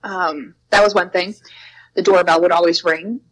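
A woman's voice: lowish voice, steady tone, moderate pace, rough recording. Chatty young woman telling ghost stories. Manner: chatty, lots of "like", acts out quotes with a raised voice. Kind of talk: casual storytelling.

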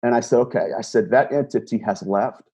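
Brisk and mid-range, with a dark tone and a breathy edge, a man who calls himself an empath relates a personal story. He repeats a conversation line by line in an earnest, casual way, often repeating words and restarting.

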